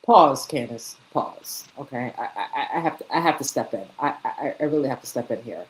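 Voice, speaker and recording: A woman's voice: very deep voice, animated, quick pace, rough recording. A woman giving reaction commentary, restarting her sentences and stressing words for emphasis.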